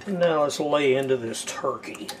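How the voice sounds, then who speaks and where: A man's voice: on the high side, unhurried, a little hiss or hum. A man narrating his own cooking in a home kitchen, dry and wry. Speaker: home cook.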